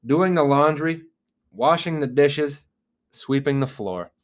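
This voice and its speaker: A man co-hosting a casual podcast, laid-back and drawling, often trailing off into a quieter voice. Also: a little high, slow pace. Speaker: podcast host.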